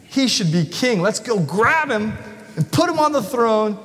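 A man voicing an excited crowd of hungry common folk, with eager, half-shouted lines. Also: high voice, a little slow, exaggerated voice. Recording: long reverb of a large hall.

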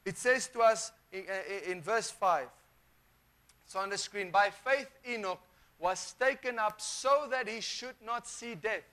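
High-voiced man preaching a sermon. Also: a little slow, sharp tone. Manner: emphatic, repeats phrases, stumbles and restarts.

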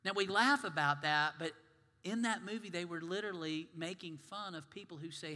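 A male minister preaching a sermon in a conversational, animated way, asking the congregation questions. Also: high-pitched, normal speed, in a large hall. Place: church sanctuary.

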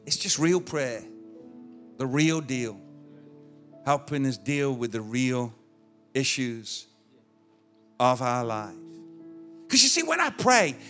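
A man's voice: medium pitch, very animated, takes it slowly, long pauses, a bit bright, soft background music. A male pastor preaching a sermon in a conversational, illustrative way, with touches of humor. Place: church.

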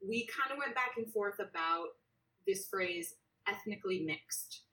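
Casting: woman interview host, chatty and animated, recorded remotely from a slight distance. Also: mid-range voice, measured pace. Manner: chatty, animated, lots of fillers. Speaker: podcast host. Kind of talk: casual interview over a call.

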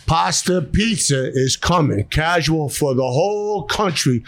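A middle-aged man with a Philadelphia accent talks through a raw, emotional podcast interview. His voice sits a little high for a man, and his speech is blunt and streetwise, full of restarts and repeated words. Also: lively intonation, measured pace, a bit bright, dry recording. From South Philadelphia. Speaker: guest, restaurateur.

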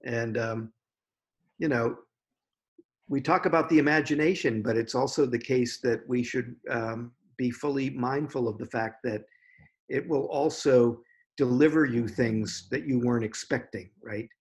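A man who edits poetry, talking through a poem in a thoughtful, unhurried way with frequent pauses. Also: medium pitch. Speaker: poetry editor. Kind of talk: conversational discussion of poetry.

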